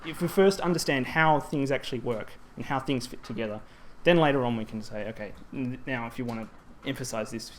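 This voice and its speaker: A man's voice: medium pitch, a little fast, few pauses, a little hiss or hum. A man presenting at a language teaching symposium, explaining grammar in a conference talk with frequent ums and self-corrections.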